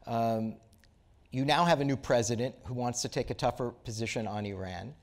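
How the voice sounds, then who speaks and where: A man's voice: mid-range voice, normal speed, a little mellow. A man moderating an onstage conversation, posing long, conversational questions. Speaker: interviewer, moderator. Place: auditorium stage.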